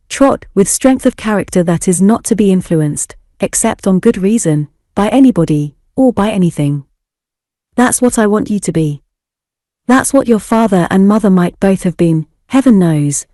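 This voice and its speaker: A woman's voice: medium pitch, lively intonation, mellow, no echo, studio quality, close to an everyday voice. Stern elderly aunt, read by a woman. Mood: firm. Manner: emphatic, brisk, firm. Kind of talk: audiobook reading.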